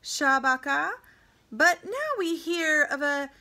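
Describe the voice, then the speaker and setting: A woman voicing a shrewd, indifferent middle-aged male king in a storybook reading, in a flat, quietly probing manner. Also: sits high, slow pace, pitched above the performer's own voice, heavily acted. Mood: cool.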